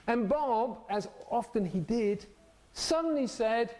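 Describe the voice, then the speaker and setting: A man's voice: extremely high pitch, expressive, takes it slowly, a little mellow. A middle-aged man preaching a sermon, telling stories animatedly and acting out the voices of the people in them.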